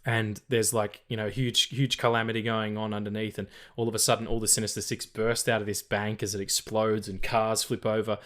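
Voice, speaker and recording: A man's voice: fairly low pitch, level tone, fairly quick, few pauses, fairly bright tone. A man hosting a casual film podcast, chatty and swearing freely as he reads out trivia. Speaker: podcast host.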